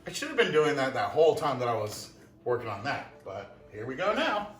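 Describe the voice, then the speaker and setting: A man's voice: medium pitch, very animated, fairly quick, a bit bright. A man hosting a casual cooking show at home, cracking jokes and laughing often as he works. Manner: jokey, laughs often, self-mocking asides. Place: home kitchen. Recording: roomy kitchen echo, mic far off.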